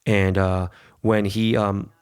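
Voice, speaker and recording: A man in his forties hosting a podcast in casual chat, an animated storyteller who swears freely and mimics others. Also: fairly low pitch, slow pace, smooth. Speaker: podcast host.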